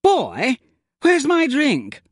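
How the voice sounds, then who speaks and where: Man doing a foppish excitable posh gent, theatrical, higher voice, dry sound. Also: normal speed, no room sound, full character voice. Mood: exclaiming. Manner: theatrical, plummy exclamations. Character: foppish young upper-class male gent, excitable. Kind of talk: audiobook character voice.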